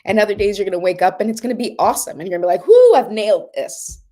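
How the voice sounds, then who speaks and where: A woman hosting a live oracle card show talks earnestly and tearfully in a casual, rambling way, then leads a breathing exercise. Her mid-range voice is darkish and fairly even in intonation, delivered rapid-fire.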